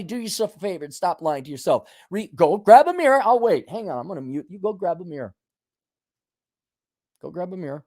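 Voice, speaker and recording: A man hosts his own show with a blunt ranting monologue, scolding listeners and mocking their excuses in put-on voices. His high-pitched voice is sing-song and a little mellow, and he talks a little fast. The sound is clean studio quality with no echo.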